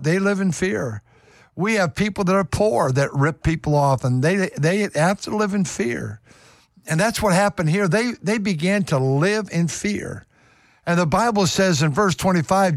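High-pitched preacher man, emphatic. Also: dry recording, studio quality. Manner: preaching with rising emphatic pitch, repeating phrases. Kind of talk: sermon.

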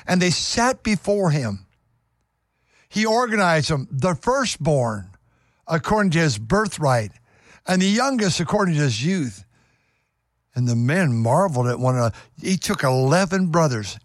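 Fervent high-voiced male preacher. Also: no room sound, clean studio sound. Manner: fervent, rising to a high pitch for emphasis, repeats words. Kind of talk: sermon.

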